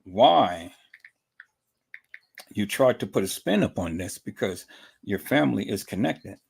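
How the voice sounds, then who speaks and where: A man's voice: on the low side, lively intonation, unhurried, creaky, a little mellow, slightly rough. A man hosting a livestream, taunting and repetitive as he calls out a rival and greets viewers in chat. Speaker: livestream host.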